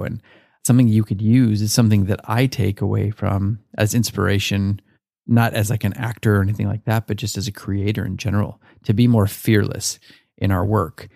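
Male podcast host, lowish gravelly voice, dry close sound, loose chatty delivery with casual swearing. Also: a little mellow, dry recording. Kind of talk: casual solo podcast rant.

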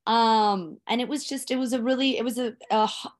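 A woman's voice: on the high side, steady tone, a little fast. A woman co-hosting a podcast, speaking heartfelt and rambling in casual chat. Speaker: podcast co-host.

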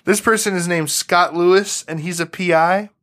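A man's voice: high voice, steady tone, moderate pace, a bit bright. A man co-hosting a casual true-crime podcast, talking loosely with lots of fillers, restarts and swearing. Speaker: podcast co-host.

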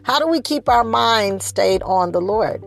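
A woman preaching a sermon, speeding up and slowing down, stressing and repeating her phrases. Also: on the high side, animated, creaky, faint music behind. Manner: preaching with shifting pace, rising emphasis and repeated phrases.

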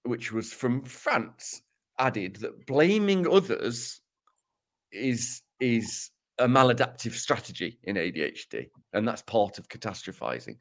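Wry, animated man hosting a podcast. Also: medium pitch, a little slow. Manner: wry, self-mocking, joking asides. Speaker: podcast co-host presenting research. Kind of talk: casual podcast chat.

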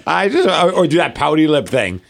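A man's voice: on the high side, sing-song, a little fast, gravelly. A man in his thirties co-hosting a podcast in casual chat, acting out his toddler in his stories. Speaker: podcast co-host.

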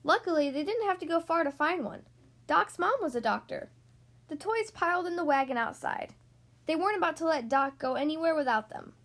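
A woman hosting a podcast, reading a picture book aloud to young kids in a gentle, friendly way. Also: high-pitched, lively intonation, brisk. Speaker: children's book reader, podcast host.

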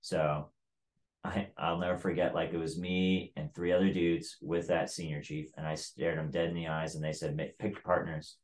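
A man's voice: very deep voice, little pitch movement, moderate pace. A man telling a story in casual chat, blunt and profane, with lots of "like" in his talk.

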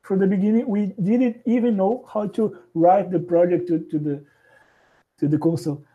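A man from Brazil with a Brazilian Portuguese accent, speaking English as a second language as a guest, halting and restarting as he searches for words. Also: sits high, fairly even intonation, narrow, tinny audio. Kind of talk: casual interview conversation.

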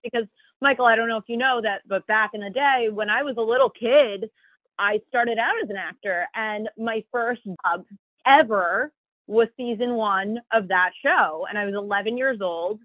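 A woman's voice: fairly high pitch, normal speed, no echo. A woman on a podcast telling a personal story in a thoughtful way. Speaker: podcast participant. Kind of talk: casual podcast chat. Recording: phone-like call audio.

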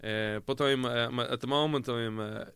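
Male guest, bright crisp voice, swaggering deadpan delivery, dry close sound. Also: medium pitch, moderate pace, dry recording. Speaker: guest actor. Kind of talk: comedic podcast chat in character.

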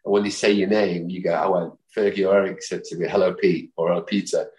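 A man in his fifties, a guest telling rambling, lively anecdotes and mimicking the people in them. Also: low voice, fast. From Manchester, England. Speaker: podcast guest, football fan. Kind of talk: anecdotal storytelling. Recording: roomy echo.

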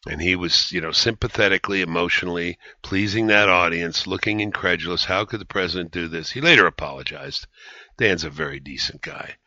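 A man's voice: low-pitched, fairly quick, bright, forceful tone, dry recording. A man hosting a podcast, rambling and emphatic in conversational political commentary, with many restarts. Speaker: podcast host. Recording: dry, slightly dull studio sound.

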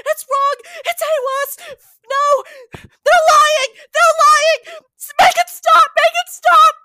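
Panicked woman investigator, screaming high and frantic. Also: little pitch movement, slow, bright, forceful tone, dry recording, studio quality, heavily acted. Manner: frantic shrieking. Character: terrified woman investigator losing her mind.

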